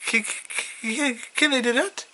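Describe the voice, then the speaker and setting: A man voicing a shrill, worried cartoon mother with high squawking outbursts. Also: a little slow, bright, forceful tone, a little hiss or hum, exaggerated voice, rough recording. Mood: alarmed.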